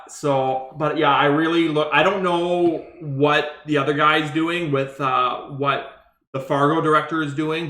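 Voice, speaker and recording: A man's voice: on the high side, pushed and bright. A young Canadian man with a Canadian accent, co-hosting a casual podcast chat, rambling with lots of restarts. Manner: rambling, quick, full of restarts. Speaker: podcast co-host. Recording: echoey room.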